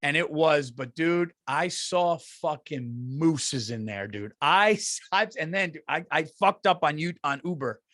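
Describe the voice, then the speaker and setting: A man's voice: fairly high pitch, lively intonation, measured pace, few pauses, a bit bright, no echo, studio quality. A man, a comedian co-hosting a podcast, telling rambling profane stories in casual chat, saying dude constantly. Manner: rambling, profane, says dude a lot, restarts.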